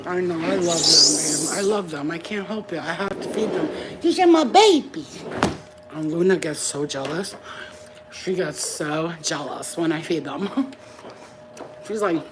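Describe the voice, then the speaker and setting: A woman's voice: deep voice, a little slow. A woman vlogging casually as she tends her pets, cooing baby talk at them and swearing offhandedly. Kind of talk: casual vlog chat while caring for pets. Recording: noisy home video with ambient sound.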